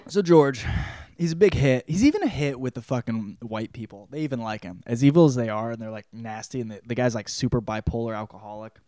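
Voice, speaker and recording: A man retells a book in a loose, swearing, rambling way, jumping now and then into loud quoted bursts. His voice sits at an ordinary middle pitch. The sound is dry and close, with no room around it. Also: expressive, a little fast, no echo. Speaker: podcast host. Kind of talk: casual spoken book report.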